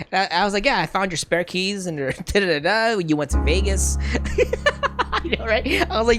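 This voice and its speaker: A man's voice: high voice, brisk, over music. A young man and streamer, casually telling a personal story, full of "right?" and "like" fillers and laughing often. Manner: animated, mimics voices of parents in quotes.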